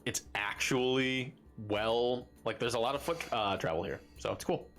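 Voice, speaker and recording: Over soft background music, a man with a medium-pitched, fairly bright voice acts as game master for a tabletop game. He speaks at a moderate pace, narrating loosely with lots of fillers.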